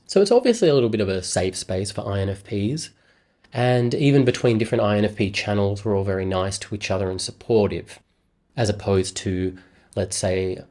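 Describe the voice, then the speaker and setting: Lowish-voiced guy rambling on his vlog, self-deprecating, thinking out loud. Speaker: YouTuber. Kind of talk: casual vlog monologue.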